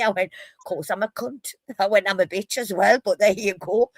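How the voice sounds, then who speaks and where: A woman's voice: medium pitch, normal speed, dry recording. A woman with a Geordie accent, telling rowdy stories in a casual live stream chat, brash and full of swearing. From North East England.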